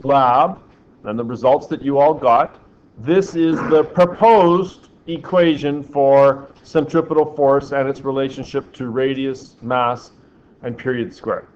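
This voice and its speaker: A man's voice: mid-range voice, fairly even intonation, measured pace, darkish tone. A man teaching a physics class, quizzing his students and making dry joking asides. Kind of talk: classroom lecture. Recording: slightly dull classroom recording with faint background hiss.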